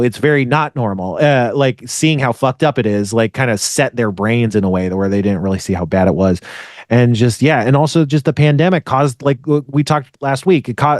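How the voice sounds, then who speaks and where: A man co-hosting a podcast, ranting with passion in casual talk, swearing often and trailing off into low mutters. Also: a little mellow, no room sound, studio quality. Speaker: podcast co-host.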